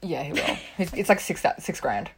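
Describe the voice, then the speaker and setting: A woman's voice: low-pitched, very animated, creaky, noisy background. A young woman co-hosting a podcast, chatting casually and rambling, with lots of "like" and swearing. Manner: rapid, rambling, full of "like" and swearing. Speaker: podcast co-host. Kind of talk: casual chat.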